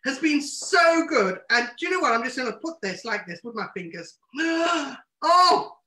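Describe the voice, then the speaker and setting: Brief: woman chef, high bright voice, bubbly and instructive, echoey kitchen on a video call. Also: sing-song, brisk. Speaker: chef and co-host. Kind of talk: live cooking demonstration over video call. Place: home kitchen.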